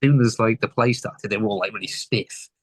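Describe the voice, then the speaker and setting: Low-voiced chatty man host. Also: steady tone, fairly quick, no echo, poor audio. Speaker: podcast host. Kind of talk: casual interview chat.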